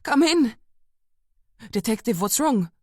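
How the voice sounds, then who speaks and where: A woman's voice: fairly high pitch, slow, no room sound, clean studio sound, voice pushed up. Woman doing a breathless, urgent woman detective. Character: tense woman police detective in a crisis.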